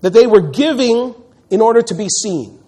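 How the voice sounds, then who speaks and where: Husky, animated preaching man. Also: high-pitched, moderate pace. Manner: animated, acts out quoted voices, repeats words when building a point. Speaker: pastor. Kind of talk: sermon.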